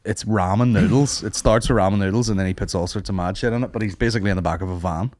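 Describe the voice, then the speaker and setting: A young man hosting a podcast chats casually, telling animated stories packed with swearing. He speaks in a lowish voice at a rapid-fire pace.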